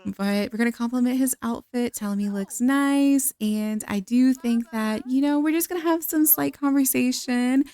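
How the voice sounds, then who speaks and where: A woman's voice: high voice, normal speed, hardly any pauses, mellow, clear, resonant tone. A young woman giving chatty, giggly let's-play commentary on a life-simulation game. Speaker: gaming content creator.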